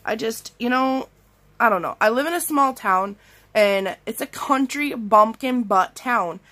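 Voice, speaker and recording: A woman vlogging from bed while sick with strep throat, telling an animated story full of "like" fillers and acted-out quotes. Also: on the high side, unhurried. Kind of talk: casual storytime rant. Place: in bed at home.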